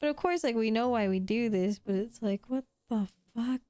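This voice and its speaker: A young woman chats casually on a live stream while drawing, rambling and swearing lightly. Her voice sits a little high and sounds smooth and clean. Faint music plays underneath. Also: fairly quick, dark tone. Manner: chatty, rambling with frequent "like" and laughs.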